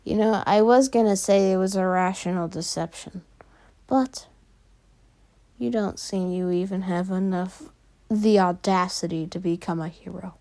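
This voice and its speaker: A woman voicing a tired, gruff male teacher in a fan story, flat, quiet and unimpressed. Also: medium pitch, a little slow, close to an everyday voice. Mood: stern.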